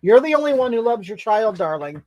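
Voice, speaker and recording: A woman's voice: fairly high pitch, sing-song, brisk, warm tone. A woman playing a brash, touchy middle-aged livestreamer who answers viewer comments in a sassy, rambling way, tagging on "okay?" and "honey". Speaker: livestream comedy character. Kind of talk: character livestream reading comments.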